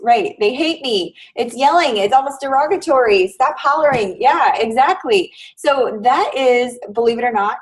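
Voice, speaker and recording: A woman's voice: on the high side, lively intonation, normal speed, few pauses, recorded from a distance, poor audio. A woman instructor giving a live online class lecture in a conversational way, often checking in with her students. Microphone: video call.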